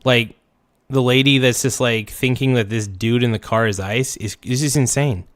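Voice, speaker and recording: A man's voice: mid-range voice, moderate pace, no room sound, clean studio sound. A man hosting a livestream, giving blunt, mocking political commentary with rambling asides. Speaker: streamer host.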